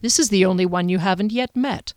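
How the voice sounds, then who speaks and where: A woman's voice: medium pitch, brisk, dry recording, studio quality, lightly acted. A woman voicing an eager male officer in an audiobook, making an introduction.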